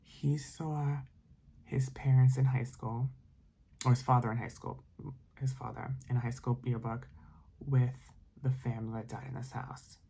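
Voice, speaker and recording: A man's voice: medium pitch, flat delivery, moderate pace, warm tone, slightly rough. A man telling a spooky story casually, rambling with many fillers and dropping into whispers. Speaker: storytime narrator.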